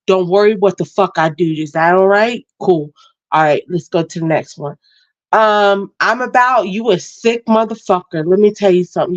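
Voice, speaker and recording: A woman tears into her critics on a livestream, swearing freely and talking trash with fiery heat. Her voice sits at an ordinary middle pitch for a woman. The stream audio is dull and lo-fi. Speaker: livestream guest. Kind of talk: angry confrontational rant.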